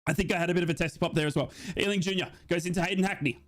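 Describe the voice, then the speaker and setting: A man giving excitable live football commentary during a watch-along, his voice jumping high in big moments as he reads out and answers viewer comments. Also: very fast. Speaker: football fan commentator and streamer.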